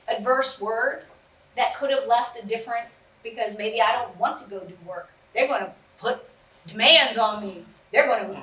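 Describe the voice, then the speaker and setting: A woman with a high, sharp voice coaches parents in a lively, chatty way and often acts out little scenes. She sounds like she is in an echoey room some distance from the mic. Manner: animated and chatty, acting out quotes. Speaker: behavior trainer leading a parent session. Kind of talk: casual coaching talk.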